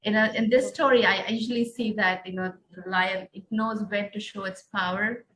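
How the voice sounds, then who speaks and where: A middle-aged woman from India, a podcast guest, telling a visualization story in an earnest, soft-spoken way, often saying "you know". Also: medium pitch, fairly even intonation, normal speed, poor audio.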